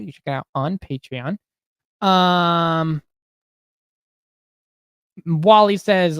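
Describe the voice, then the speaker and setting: A man's voice: on the high side, no room sound. A young man co-hosting a live stream, chatting casually, reading viewer questions aloud and laughing often.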